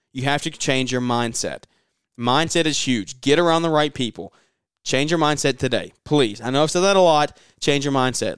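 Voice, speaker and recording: A man's voice: a little high, no room sound, studio quality. A man hosting a motivational podcast, urging listeners on with passion and lots of repetition. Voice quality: raspy. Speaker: podcast host.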